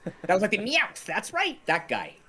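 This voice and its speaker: A man's voice: sits high, huge pitch swings, moderate pace, a crowd in the background. A man in his thirties, chatting casually and rambling while he plays a game on stream. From Canada. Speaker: game runner. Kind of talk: casual commentary while playing.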